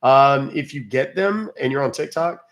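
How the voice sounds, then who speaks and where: This livestream host, who calls scammers, chats casually with his viewers, wisecracking and swearing offhandedly. His voice is medium in pitch, a bit bright, and moves at a moderate pace.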